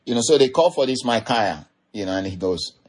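A man's voice: medium pitch, lively intonation, brisk, a little mellow, husky. A man giving an informal sermon, retelling a Bible story in a rambling, conversational way full of "you know". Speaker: preacher.

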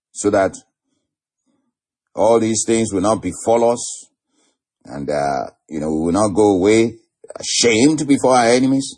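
A man's voice: fairly low pitch, expressive, unhurried, long pauses, a little mellow. A man preaching a sermon, laughing often and drawing out key phrases for emphasis.

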